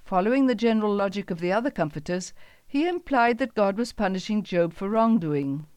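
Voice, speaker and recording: A woman narrates a scripted Bible story at a measured, steady pace. Her voice sits in a middle pitch range for a woman. The recording is dry and close, with no room sound. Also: smooth, no echo.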